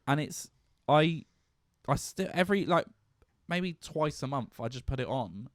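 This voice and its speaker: A man's voice: fairly high pitch, animated, a little slow, no echo, studio quality. Playful, jokey man on a podcast. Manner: playful, jokey, laughs often. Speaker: podcast co-host. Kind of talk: casual chat.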